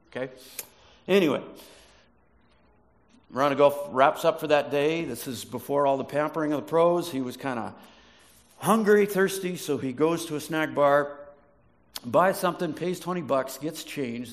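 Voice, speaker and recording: A male pastor delivering a sermon with a gravelly, slightly raised voice. He tells stories to his congregation, stumbling over and repeating words as he goes, and often checks in with a quick question. The delivery is conversational rather than polished. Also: on the high side, animated. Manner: storytelling, restarts words, asks the audience questions.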